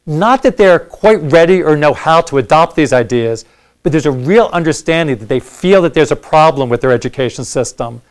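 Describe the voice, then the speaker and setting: A middle-aged man takes audience questions after a university lecture. His voice sits a little high for a man, and he explains things conversationally, often restarting his sentences with fillers. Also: lively intonation, normal speed.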